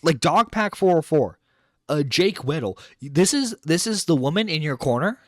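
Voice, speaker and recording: Very animated and a little high, a man's voice moves at normal speed with no room sound as he hosts a live stream. This internet radio host reacts to a clip close to the mic, ranting incredulously and with exasperation, with some swearing.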